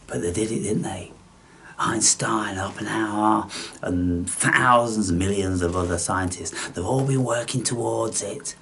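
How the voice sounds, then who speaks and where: A man's voice: lowish voice, a little slow, vocal fry, fairly bright tone, slight background noise. A man delivering an angry, contemptuous, profane monologue as the host of his own channel.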